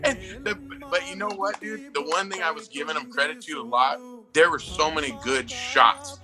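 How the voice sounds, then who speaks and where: Excitable, profane man, bright voice. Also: high voice, normal speed, soft background music. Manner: profane, excitable, laughs often while telling. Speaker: movie review podcast co-host. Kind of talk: casual chat.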